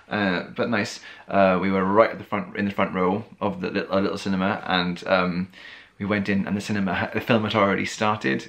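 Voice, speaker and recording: Deep, gravelly man chatting in his bedroom. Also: a bit bright. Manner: chatty, rambling, friendly. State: tired, losing his voice. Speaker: vlogger. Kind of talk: casual chat.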